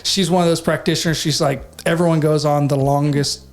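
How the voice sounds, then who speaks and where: A man's voice: on the high side, fairly even intonation, brisk. Man, 40s, podcast guest, chatty, laughs easily, rambles. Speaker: podcast guest, company representative. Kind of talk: casual interview chat.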